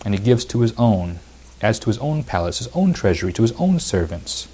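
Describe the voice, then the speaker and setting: A man's voice: mid-range voice, big pitch swings, fairly quick, mellow, breathy edge. A man preaching a verse-by-verse sermon, reading scripture aloud and explaining it with emphatic repetition.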